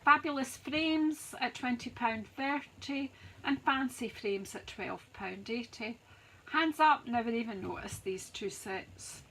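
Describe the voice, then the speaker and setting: Bright, slow-talking woman. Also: a little high, fairly even intonation, slightly rough, poor audio. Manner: chatty, rattling off prices like an auctioneer. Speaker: craft demonstrator, host. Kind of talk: live-stream product walkthrough.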